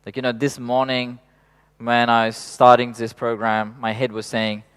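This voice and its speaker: A man leading a workshop in an unhurried, reflective way, laughing softly now and then and swearing casually. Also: medium pitch, flat delivery, clean tone. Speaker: workshop facilitator.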